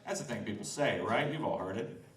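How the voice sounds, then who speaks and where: Laughing stand-up comic, roomy and distant. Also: male voice, lowish voice, animated, brisk. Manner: loose, laughing, crowd-teasing delivery. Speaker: stand-up comedian. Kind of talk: open-mic stand-up set. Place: outdoors in front of a restaurant.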